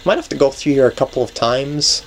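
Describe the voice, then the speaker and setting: A man talking his way through a video game in a casual, rambling commentary. He thinks aloud as he plays, trails off mid-sentence, starts over and chuckles at his own mistakes. His voice sits at an ordinary middle pitch. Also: animated, a little fast, faint music behind. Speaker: let's play host.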